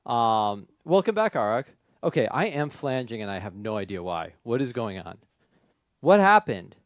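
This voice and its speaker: A man hosting a music request livestream who chats casually and thinks out loud, his voice running through a flanger effect. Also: medium pitch, big pitch swings, moderate pace, studio quality. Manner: rambling, thinks aloud, laughs at himself. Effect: flanger and reverb on his voice.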